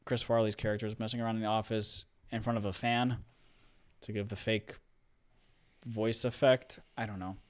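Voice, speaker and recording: A man hosting a casual film commentary show, enthusiastic and playful, slightly hoarse. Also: fairly low pitch, level tone, normal speed. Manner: enthusiastic, playful, with frequent fillers. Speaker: host. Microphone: studio microphone.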